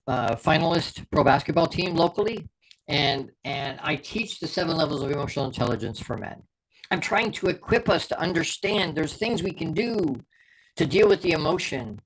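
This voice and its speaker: A middle-aged man with a higher-than-average voice hosts a podcast as a performance coach, delivering a fervent motivational talk and repeating key words for emphasis. Background noise is audible.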